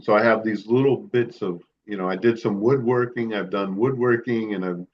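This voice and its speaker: A middle-aged man on a podcast, voice pitched low, talking in a relaxed, rambling way full of pauses and restarts. His audio comes through dull and lo-fi, like a remote call. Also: a little hiss or hum. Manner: rambling, hesitant, many fillers and restarts. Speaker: podcast co-host. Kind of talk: casual chat.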